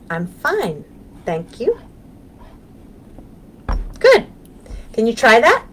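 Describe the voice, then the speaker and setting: A woman with an American accent, a children's librarian leading a live storytime lesson, gentle and encouraging, with frequent ums. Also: a little high, wildly swooping pitch, extremely slow, long pauses, a little hiss or hum. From United States. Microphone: webcam on a live stream.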